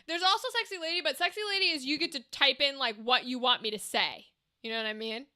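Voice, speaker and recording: A woman's voice: sits high, quick pace, sharp tone. A woman streamer chatting casually with her live audience, swearing freely and laughing often.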